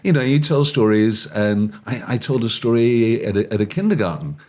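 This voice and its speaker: A man, a professional storyteller, telling folk tales in an animated interview chat. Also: lowish voice, fairly quick. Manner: expressive, swings into character voices. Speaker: storyteller guest.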